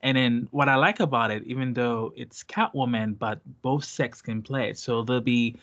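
A man's voice: medium pitch, moderate pace, a bit bright, lo-fi sound. Haitian-accented man, hesitant casual chat. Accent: Haitian Creole. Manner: hesitant, many fillers and restarts, laughs often. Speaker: guest.

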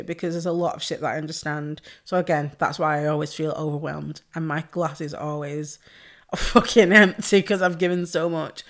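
A woman, a pole dance instructor, talking on a podcast in a heartfelt, effusive way and swearing freely. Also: lowish voice. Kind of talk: casual podcast chat.

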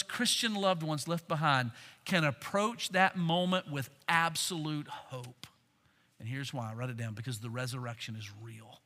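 A man preaching a sermon as pastor, swinging from hushed, near-whispered lines to loud emphatic ones. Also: fairly high pitch, normal speed. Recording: long hall reverb.

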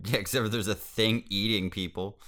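A man with a bright, forceful voice co-hosting a laid-back book podcast. He mostly agrees and chimes in with dry, easygoing remarks. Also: on the low side, fairly even intonation, brisk. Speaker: podcast co-host. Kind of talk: casual book discussion chat.

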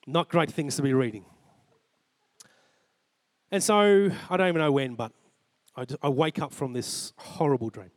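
Australian male preacher, 40s, earnest storyteller, slightly high voice, dry sound. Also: normal speed, pauses often, dry recording. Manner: earnest storytelling, acts out dialogue with God. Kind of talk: sermon with personal story. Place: church.

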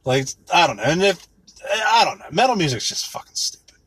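A man in his thirties rants with sarcasm, swears freely and wanders from point to point. His voice is husky and slightly high, and it swings widely as he mocks. The recording is close and dry. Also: big pitch swings, fairly quick, fairly bright tone, no echo. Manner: rambling, sarcastic, swears a lot, mocks with put-on quotes. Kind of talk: profane comedic rant.

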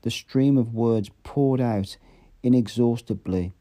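A man reading a novel aloud in a steady, even narrating manner. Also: medium pitch, takes it slowly. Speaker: audiobook reader.

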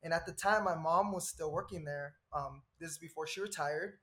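A man in his thirties from Southern California, a podcast guest telling a personal story in a lively, rambling way with frequent laughs. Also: fairly high pitch, moderate pace. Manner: animated, laughs often, rambling asides.

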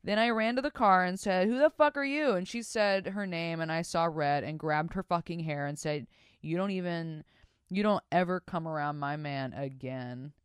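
A young woman hosts a casual podcast, reading out listener stories and cutting in with profane, animated reactions. Her voice sits low and sounds smooth and clear, recorded dry and close. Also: moderate pace, dry recording. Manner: profane, animated, laughs and comments while reading stories aloud.

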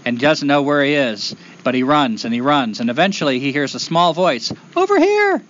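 A man telling a traditional folktale aloud in a rhythmic, expressive way, repeating phrases for effect. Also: mid-range voice, fairly quick, lo-fi sound. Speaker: storyteller. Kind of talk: oral folktale storytelling.

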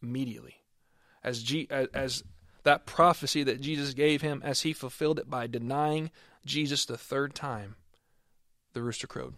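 A man's voice: mid-range voice, steady tone, normal speed, a bit bright, dry recording, studio quality. A man preaching a sermon and reading scripture aloud, earnest, with emphatic swells on key words.

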